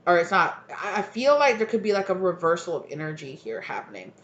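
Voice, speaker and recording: Low-voiced woman giving a rambling tarot reading. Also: sing-song, fairly quick, a bit bright. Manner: rambling, chatty, filler-heavy, laughs often. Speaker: tarot reader. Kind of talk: casual intuitive tarot reading. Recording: roomy, slightly dull sound.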